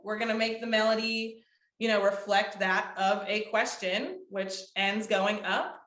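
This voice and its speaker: A woman's voice: medium pitch, steady tone, unhurried, fairly bright tone. A young woman music therapist presenting to a support group, explaining with frequent ums and short sung demonstrations. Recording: echoey room.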